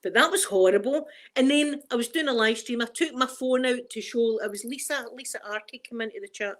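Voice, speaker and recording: A woman's voice: a little high, fairly quick. A middle-aged woman with a Scottish accent chatting casually on a live stream, reading the chat and laughing often. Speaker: ASMR streamer.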